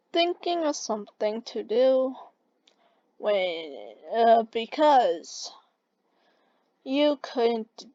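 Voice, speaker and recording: Woman story reader, slightly high voice, very slow halting delivery, muffled dry home recording. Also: dark tone, no echo. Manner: halting, stumbling reading with restarts. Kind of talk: reading a second-person fan story aloud.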